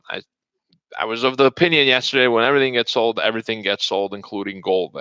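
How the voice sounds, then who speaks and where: A man's voice: mid-range voice, sharp tone, clean tone, no echo. A man hosting a live market update stream, chatting casually and greeting viewers by name as he runs through prices. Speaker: day-trading host. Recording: dull lo-fi stream audio.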